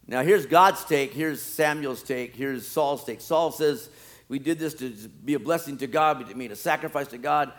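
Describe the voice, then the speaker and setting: A man preaching a sermon, acting out scripture scenes and then dropping to quiet, wry asides. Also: moderate pace. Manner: dramatic, swings from loud acted-out pleading to low asides.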